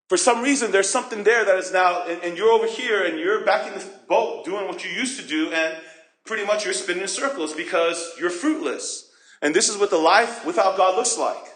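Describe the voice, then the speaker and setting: A man preaching a sermon as pastor, expressive and acting out voices and questions. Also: high voice. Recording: roomy echo.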